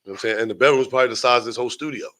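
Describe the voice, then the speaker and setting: A man's voice: mid-range voice, steady tone, very fast, a bit bright, poor audio. A young man from Brooklyn with a New York accent, a rapper telling a long, profane story as a guest and acting out the other people in it. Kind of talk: animated storytelling.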